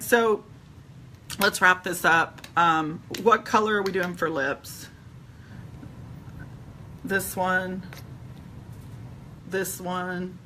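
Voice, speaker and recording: A woman's voice: on the low side, sharp tone, slight background noise. A middle-aged woman chatting casually while doing her makeup, retelling an everyday run-in with quoted back-and-forth dialogue. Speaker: vlogger.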